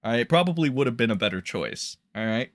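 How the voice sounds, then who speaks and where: A man's voice: medium pitch, expressive, fast. A young man hosting a livestream, rambling and mocking in crude, profane commentary full of fillers.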